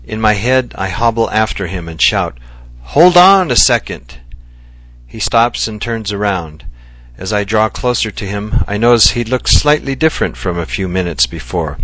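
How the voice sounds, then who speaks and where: A man narrating a first-person story, his voice low and husky with a forceful, tense edge. He reads in a measured, reflective way. The recording is dry and close to the mic. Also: dry recording.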